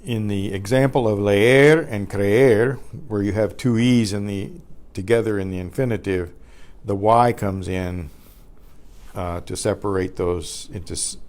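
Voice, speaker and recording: A man teaching a Spanish grammar class, explaining patiently and clearing his throat often. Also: sits low, darkish tone. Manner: recites word lists carefully.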